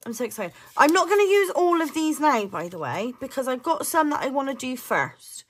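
A young woman chatting excitedly to her viewers as she unboxes her mail. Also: on the high side, moderate pace. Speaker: budgeting vlogger. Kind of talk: casual chat to camera while unboxing.

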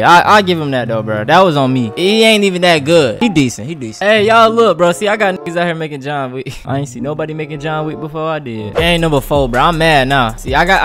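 A young man giving hyped, slang-heavy gameplay commentary, reacting loudly and trash-talking his opponents. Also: on the high side. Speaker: gaming YouTuber.

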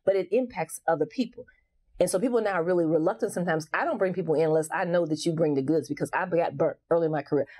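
A woman's voice: low-pitched, warm tone. A woman speaking as a guest coach in a casual interview, frank and emphatic, often restarting her sentences.

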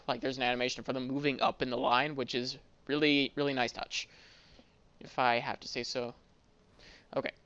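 A man's voice: mid-range voice, a bit bright, clear, resonant tone, highs cut off. Joking man doing game commentary. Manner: joking, stammers and repeats words. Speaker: gamer playing a border-inspector game. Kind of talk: casual gameplay commentary. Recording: background game music.

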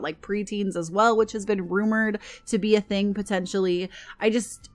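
A young American woman talking casually as she shows items in a game, gushing over things she likes, with a scratchy throat that keeps catching. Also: medium pitch. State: throat trouble and hiccups. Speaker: gaming YouTuber.

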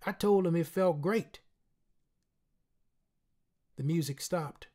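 Unhurried man reading a story quietly. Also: on the high side. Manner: quiet, measured, somber. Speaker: reader. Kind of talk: audiobook narration of a literary short story.

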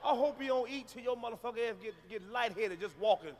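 High-pitched profane man doing stand-up. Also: fast, slight background noise. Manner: loud, profane, shouting punchlines. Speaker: stand-up comedian. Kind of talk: stand-up comedy routine. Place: large concert hall with audience. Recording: live hall recording with reverb.

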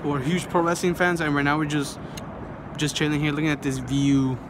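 A young man hosting a casual travel vlog, talking excitedly and joking loudly to the camera. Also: on the high side, normal speed, background noise. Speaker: vlogger. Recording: music playing loudly behind.

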